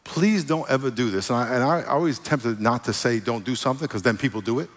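Pastor preaching in a reverberant hall. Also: male voice, mid-range voice, a little fast. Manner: playful, jokes with the congregation, call and response. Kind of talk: sermon.

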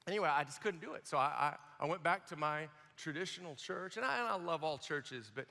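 Bright-voiced man preaching in a big hall. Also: fairly high pitch, fairly quick, gravelly. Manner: animated storytelling, acts out quoted voices, stammering restarts. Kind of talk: sermon. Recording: long hall reverb.

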